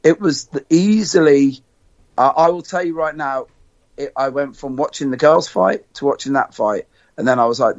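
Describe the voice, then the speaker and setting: A man's voice: mid-range voice, moderate pace. A man chats on a podcast panel. He rambles, stumbles over repeated words, and swears freely. The audio sounds dull and lo-fi. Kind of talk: casual podcast chat.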